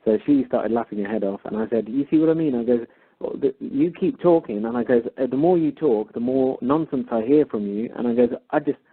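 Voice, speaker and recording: A man calls in and tells the story of a phone call, acting out both sides as he goes. His voice is husky, and it comes through a thin, tinny phone line. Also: medium pitch, brisk. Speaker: caller. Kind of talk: casual storytelling.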